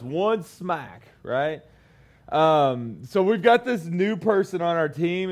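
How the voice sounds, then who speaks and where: Chatty young man preaching to a group. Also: fairly high pitch. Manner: chatty storytelling, many fillers and laughs. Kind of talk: casual youth sermon.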